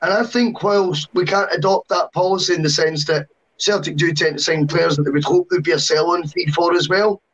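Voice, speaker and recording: A man on a football podcast, giving long, animated opinions with self-mocking asides. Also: on the high side, brisk. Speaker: podcast panelist. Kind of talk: casual football podcast chat. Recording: dull lo-fi sound.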